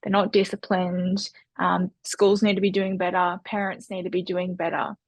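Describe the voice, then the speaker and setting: A woman hosting a podcast interview, asking measured, thoughtful questions. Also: on the low side, completely flat delivery, no room sound. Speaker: podcast host.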